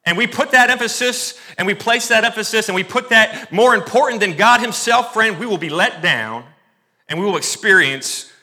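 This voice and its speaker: A man preaching from the pulpit in a high, bright voice with a forceful edge. He reads scripture aloud, then wanders into quick asides, corrects himself and pushes on. His delivery is lively and conversational. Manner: animated, digressive preaching with self-corrections and asides. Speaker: pastor. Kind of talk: sermon.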